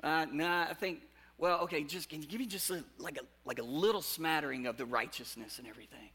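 A pastor preaches conversationally to his congregation in a fairly high, slightly rough voice at a fairly quick pace. He draws listeners in with questions and swings between loud, animated bursts and quiet, earnest passages.

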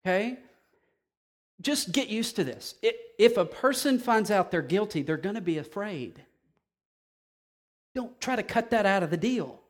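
A man with a notably high voice preaches in an animated, conversational way. He keeps checking in with his listeners by asking "okay?". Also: measured pace, long pauses. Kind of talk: sermon.

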